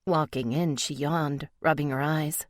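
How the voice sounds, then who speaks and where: Brief: female romance audiobook narrator, low voice, expressive, dry close-mic studio read. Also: measured pace, no room sound.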